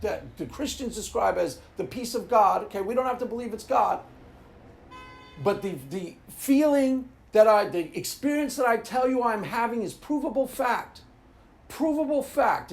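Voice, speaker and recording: Host in a casual monologue: a man who talks emphatically, gets animated, and laughs easily. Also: high voice. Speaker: Christian apologetics channel host.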